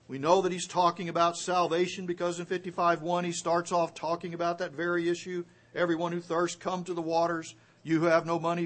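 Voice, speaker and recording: Male pastor, high-pitched, emphatic sermon delivery with big dynamic swings. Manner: emphatic preaching with wide swings in loudness; reads scripture aloud, slows for key phrases.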